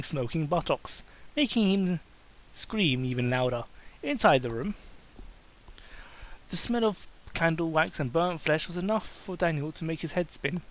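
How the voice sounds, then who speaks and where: Guy doing an amateur dramatic reading of fan fiction, high voice, trips over words, dry asides. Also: animated, moderate pace, low-quality recording. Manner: stumbling, with wry asides. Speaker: reader.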